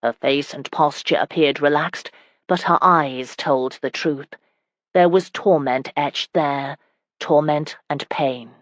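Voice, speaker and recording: An audiobook narrator reading a historical romance in steady, even scripted narration. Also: medium pitch, slow pace, no room sound, lo-fi sound.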